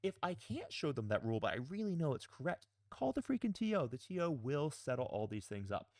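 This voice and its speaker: A man's voice: fairly high pitch, very animated, a little fast, a little mellow. A man coaching tabletop gamers in a casual, blunt manner, with a mildly profane edge. His voice rises and falls widely as he leans on his points. The recording is dry, with no room echo. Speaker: pro player and coach. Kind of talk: casual advice video.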